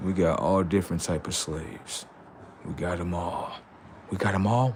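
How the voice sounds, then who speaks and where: A man's voice: low-pitched, normal speed, darkish tone, a little hiss or hum. A man ranting on a livestream, profane and mocking, laughing often. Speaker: streamer. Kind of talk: casual livestream rant.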